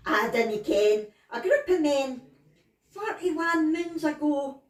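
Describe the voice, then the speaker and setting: A woman's voice: high voice, animated, takes it slowly, pitched above the performer's own voice. Woman doing a blunt Scottish truth pixie. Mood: matter-of-fact. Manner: blunt, matter-of-fact Scots storytelling. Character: small blunt female truth pixie, broad Scots. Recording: roomy, distant from the mic.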